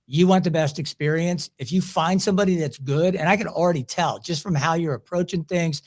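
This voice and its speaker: Chatty Philly-accented host, higher voice. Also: male voice, brisk. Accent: Philadelphia. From Chicago area. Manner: chatty, long rambling questions with restarts. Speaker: podcast host. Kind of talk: casual interview.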